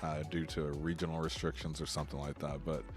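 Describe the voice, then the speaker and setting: A man co-hosting a gaming news show in casual chat, relaxed and rambling, often laughing as he talks. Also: extremely low pitch, fast, faint music behind.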